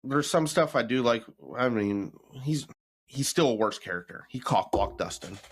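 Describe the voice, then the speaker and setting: A man co-hosting a podcast in casual chat, talking bluntly with mocking, animated rants. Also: medium pitch, normal speed, husky. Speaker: podcast co-host.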